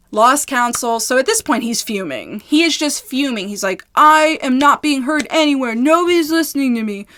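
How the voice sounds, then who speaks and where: A young woman on a casual vlog, telling a long story in a rambling, exasperated, animated way. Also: mid-range voice. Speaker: YouTuber.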